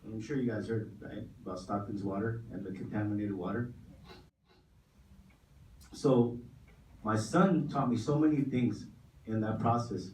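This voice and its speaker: A man's voice: fairly low pitch, steady tone, measured pace, long pauses, a little mellow, slight background noise. A middle-aged man giving an impassioned speech at a community forum, with a preacher-like cadence and lots of repetition. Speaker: community nonprofit leader. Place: large hall at a forum. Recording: echoey room, mic from a distance.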